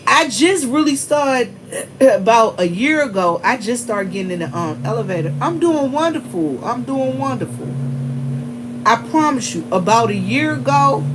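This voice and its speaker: A woman with a drawl and a fairly high voice, chatting loosely on a livestream. She talks straight to her viewers, greets them by name and rambles from one story to the next, with a faint hum under her voice. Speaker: livestream host. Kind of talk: casual livestream chat with viewers.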